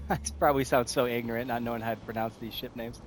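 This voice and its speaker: Faint music plays behind a gaming streamer speaking fairly quickly at medium pitch. Narrating his own gameplay, he sounds excited and breathless, laughs a lot, and mutters to himself as things swing back and forth.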